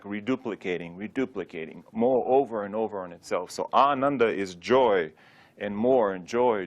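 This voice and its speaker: Man teaching pronunciation, slightly low voice. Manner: drills words slowly, repeating them for the learner; playful, asks rhetorical questions. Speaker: Sanskrit teacher. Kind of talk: pronunciation lesson.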